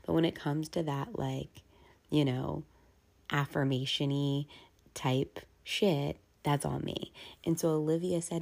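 Speaking unhurriedly in a deep, gravelly, darkish voice with fairly even intonation, a woman in her thirties opens up candidly in her vlog. As a working mother, she's frank and confessional, her speech casual and full of fillers.

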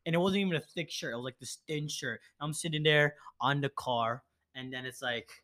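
A man's voice: on the high side, fairly quick, crowd noise. Young guy podcast host, rambling party story, says like a lot, swears. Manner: animated storytelling, lots of filler "like", swearing. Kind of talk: casual chat.

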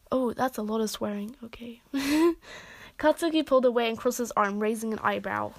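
A woman's voice: fairly high pitch, steady tone, normal speed, no room sound. A young woman reading fan stories aloud with giggly, casual asides. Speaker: fanfiction reader.

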